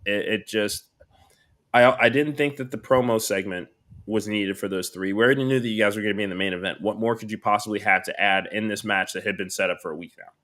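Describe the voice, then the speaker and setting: A man's voice: on the low side, quick pace, a bit bright. A man co-hosting a podcast, talking through his wrestling opinions in a rambling, casual way with many restarts. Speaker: podcast co-host.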